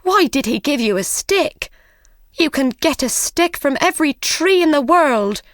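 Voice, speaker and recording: A woman's voice: a little high, moderate pace, darkish tone, no room sound, clean studio sound, natural voice. A woman voicing an indignant mother questioning her son in a storybook reading. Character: angry, scolding mother of grown sons.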